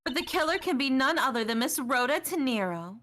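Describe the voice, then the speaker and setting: A confident investigator lays out a murder case step by step, as a woman voices the game dialogue. The voice sits fairly high and swings widely in pitch. A faint noise hums behind it. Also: lively intonation, a little fast. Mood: assertive. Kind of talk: reading game dialogue aloud.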